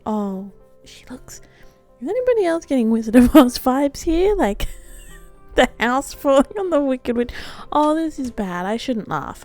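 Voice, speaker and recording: A woman's voice: high-pitched, darkish tone. A woman hosting a let's play, giving chatty, giggly commentary on her game. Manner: chatty, giggly, self-deprecating. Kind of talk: casual gameplay commentary. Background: faint background music.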